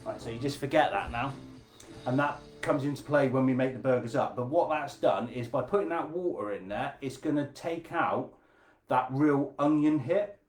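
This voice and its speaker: A man's voice: mid-range voice, moderate pace. Man, cooking host, chatty, jokey, music playing behind. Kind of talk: casual live cooking demonstration.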